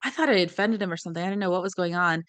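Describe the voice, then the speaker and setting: A woman's voice: lowish voice, very fast, a bit bright, no room sound. A woman co-hosting a podcast, telling stories in casual chat, acting out the people she quotes and swearing now and then. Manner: chatty storyteller, acts out quoted voices, swears casually. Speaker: podcast co-host.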